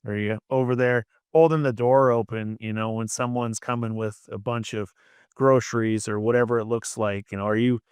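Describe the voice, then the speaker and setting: A man's voice: medium pitch, fairly even intonation, moderate pace, a little mellow, clean tone, dry recording. A man, co-hosting a casual faith-based chat and rambling with frequent "you know" fillers. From Minnesota. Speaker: podcast co-host.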